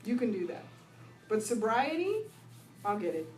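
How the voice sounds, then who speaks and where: A woman's voice: medium pitch, big pitch swings, moderate pace, faint music behind. A middle-aged woman telling her recovery story to an audience, laughing often and asking "right?" as she goes. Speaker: recovery speaker. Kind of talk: personal recovery talk to an audience. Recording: echoey room, voice from far off.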